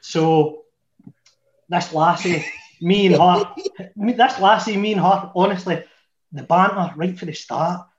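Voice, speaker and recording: A man's voice: unhurried, long pauses. Glaswegian man in his thirties telling a story. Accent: Scottish, Glaswegian. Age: 30s. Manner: chatty, swearing, dropping to a low mutter for his inner thoughts. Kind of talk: casual storytelling among friends. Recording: echoey room, muffled sound.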